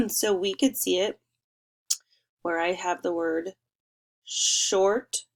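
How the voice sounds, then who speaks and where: A young woman teacher leading a remote spelling lesson for first graders, encouraging and sing-song, stretching words out slowly. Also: on the low side, vocal fry.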